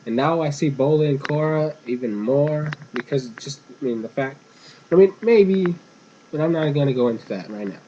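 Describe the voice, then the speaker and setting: A man's voice: a little high, normal speed, dark tone, a little hiss or hum. Rambling young man recapping an episode. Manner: rambling, meandering, casual. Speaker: episode reviewer. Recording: dull lo-fi home recording.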